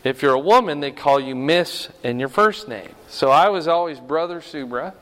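A man's voice: a little high, lively intonation, normal speed, fairly bright tone. An older man preaching a sermon in a folksy, conversational way, telling stories and asking his congregation questions. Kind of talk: sermon with storytelling. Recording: long hall reverb.

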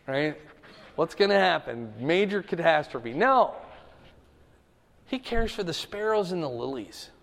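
A man's voice: fairly high pitch, sing-song, measured pace, creaky, long pauses, long reverb tail. A male pastor preaching, reading scripture aloud with rising emphasis and explaining it in a casual way, asking the listeners rhetorical questions. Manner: asks the audience rhetorical questions. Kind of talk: sermon.

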